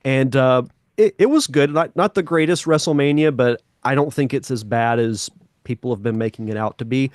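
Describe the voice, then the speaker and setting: A man co-hosts a casual podcast in an even, mid-pitched voice, thinking aloud in a measured way. The recording is dry and close. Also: no echo. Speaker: podcast co-host.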